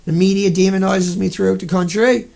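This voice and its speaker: A man's voice: high voice, steady tone, brisk, gravelly, a little mellow. A man delivering an indignant, profane, sarcastic monologue rant on his own channel. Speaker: vlogger.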